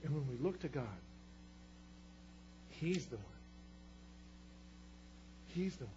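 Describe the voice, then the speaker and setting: Animated preacher with a dull, humming sound. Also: male voice, on the high side, slow, long pauses. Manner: animated storytelling, swings from loud to hushed. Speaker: pastor. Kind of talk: sermon. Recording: dull sound with faint hum.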